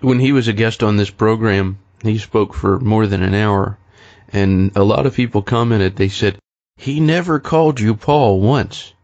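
A man hosting an interview, speaking in a measured, appreciative way. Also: lowish voice, darkish tone, dry recording. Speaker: host. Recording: dull lo-fi and dry.

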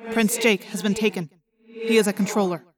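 A woman voicing a calm, formal male alien warrior in an audiobook, with measured, precise diction. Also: medium pitch, music in the background, close to an everyday voice. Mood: accusing. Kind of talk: audiobook character reading.

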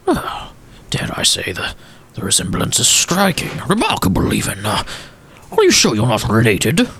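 Guy putting on a sad polite old gentleman, halting, slips into whispers, voice swoops up and down. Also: medium pitch, huge pitch swings, husky, voice pushed up, exaggerated voice. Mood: wistful. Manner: courtly and halting, drifting into whispers. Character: weary, tearful old gentleman stranger.

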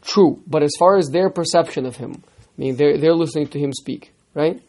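Leading an interactive text lesson, a lively male teacher speaks fairly quickly in a voice on the high side. He peppers his students with rhetorical questions and tends to repeat words at the start of his sentences.

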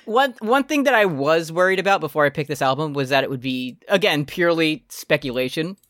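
Podcast co-host, male, joking and lively, dry close sound. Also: fairly high pitch, a little fast, no echo. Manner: animated, joking, laughs often. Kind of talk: casual chat.

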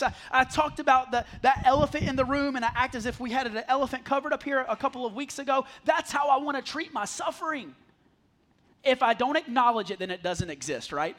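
Man, pastor, very high bright voice, chatty sermon style with jokes. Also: fairly quick. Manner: conversational, self-deprecating humor with the congregation. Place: church sanctuary. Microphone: handheld or headset mic.

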